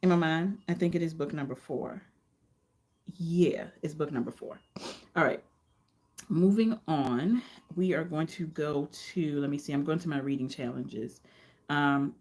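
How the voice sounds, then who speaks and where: A woman reviewing romance novels in a casual vlog, retelling the plots in an animated way and slipping into the characters' quoted lines. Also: deep voice. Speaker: book reviewer.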